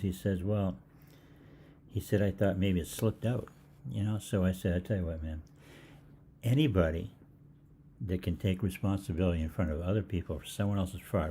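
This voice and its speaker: An older man who hosts a holistic health channel answers questions on a live stream, drifting through anecdotes packed with "uh"s and false starts. His voice is low and relaxed, with a faint hiss running beneath the desk mic.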